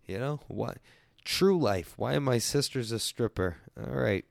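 A man's voice: mid-range voice, expressive, measured pace, creaky, dry recording. A man hosting a casual chat stream, rambling, crude and joking as he answers viewers.

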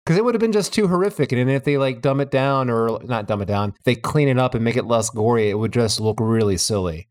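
A man's voice: medium pitch, expressive, a little fast, few pauses. A man co-hosting a casual podcast discussion, with a dry humor and frequent laughs. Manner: dry, laughs often between remarks. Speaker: podcast co-host. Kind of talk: casual chat.

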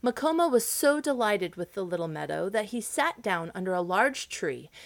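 Female storyteller, animated, dry studio read. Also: mid-range voice, normal speed, gravelly, no room sound. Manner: expressive, dramatic reading. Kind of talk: storybook narration.

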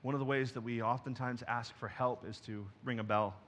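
Bright-voiced man preaching a sermon. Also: medium pitch, steady tone, fairly quick, slight background noise. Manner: swings from quiet to loud emphatic preaching. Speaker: pastor. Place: church stage.

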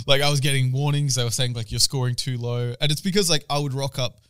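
A man's voice: mid-range voice, a little fast, clear, resonant tone, no echo, clean studio sound. A young man, chatting casually as a podcast co-host, rambling and swearing as he tells stories. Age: young adult. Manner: rambling, swears a lot, animated storyteller. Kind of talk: casual chat.

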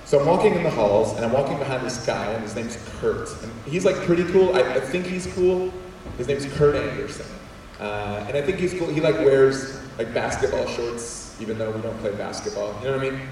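Animated man speaking in a large hall. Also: medium pitch, fairly quick, slight background noise. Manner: animated, acts out voices, repeats words. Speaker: speaker addressing students. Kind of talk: storytelling talk to an audience. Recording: echoey hall from far off.

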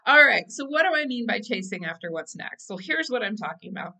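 A woman's voice: mid-range voice, big pitch swings, fairly quick, creaky, pushed and bright. Chatty self-amused woman podcast host. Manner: chatty, laughing at herself, many fillers and restarts. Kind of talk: casual solo podcast monologue.

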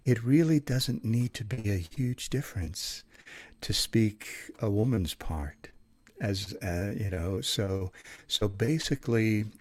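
A man who works as an audiobook narrator, talking in a relaxed, chatty interview manner with plenty of fillers. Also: lowish voice, slow pace, no echo. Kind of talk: casual interview talk.

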